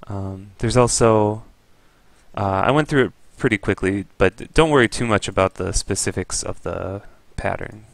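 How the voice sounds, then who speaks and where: A man's voice: on the low side, moderate pace, vocal fry, no room sound. A man giving an easygoing, explanatory review of a Go game as a teacher.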